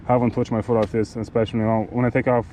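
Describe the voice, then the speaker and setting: A man giving a casual product demonstration of cycling gear, talking in a halting way with many fillers and restarts. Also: medium pitch, level tone, dark tone, a little hiss or hum, rough recording.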